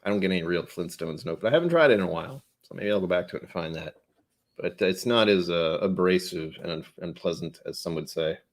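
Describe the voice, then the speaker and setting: A man's voice: low voice, quick pace. A man hosting a casual whiskey tasting livestream, thinking aloud and correcting himself as he goes.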